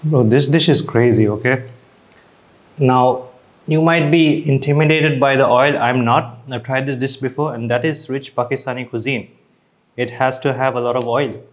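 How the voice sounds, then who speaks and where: A man's voice: mid-range voice, fairly even intonation, normal speed. A young man casually reviewing dishes as he eats, chatty and hesitant, restarting his sentences and talking with his mouth full. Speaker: food vlogger.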